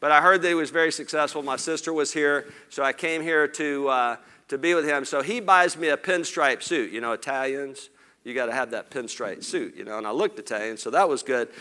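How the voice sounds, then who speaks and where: A middle-aged man from Lower Alabama with a Southern accent, telling folksy, animated stories with jokey asides as a speaker on an event stage. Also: a little fast, smooth. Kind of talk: storytelling keynote talk. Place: event stage before an audience.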